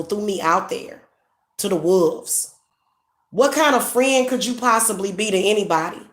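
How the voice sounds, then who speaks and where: A spiritual reader hosting a livestream lectures and scolds in a mid-range voice at a moderate pace, and the sound is roomy. Her casual monologue is indignant and repetitive, full of stumbling restarts.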